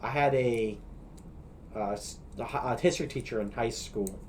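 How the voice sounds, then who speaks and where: A young man from Colorado chats casually as a podcast guest, tossing out sarcastic quips. His voice is mid-pitched and unremarkable. Faint noise hums beneath the recording. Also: normal speed, a little mellow. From Colorado, USA. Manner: sarcastic, wisecracking. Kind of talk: casual chat.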